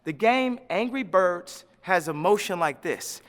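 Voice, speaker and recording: A man talking as an interview guest, emphatic and preachy, full of slang, swinging between loud and quiet. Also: high-pitched, expressive, measured pace, big-room sound. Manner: religious, uses slang. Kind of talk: animated interview talk.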